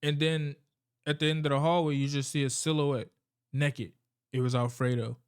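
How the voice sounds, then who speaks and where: A man with a slightly raised, smooth and clear voice rambles through a movie's plot in a loose, casual way. He swears constantly and loses track of his own story. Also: a little high, flat delivery, normal speed. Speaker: vlogger recapping a movie.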